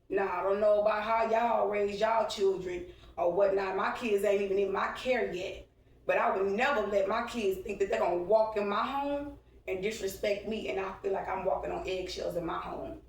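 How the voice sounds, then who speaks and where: A Texas vlogger in her forties delivers a heated, profane rant to camera in a creaky, mid-range voice with a drawl, at a moderate pace. She stays blunt, emphatic, and confrontational. The room is echoey and she's a bit back from the mic, so she sounds slightly distant.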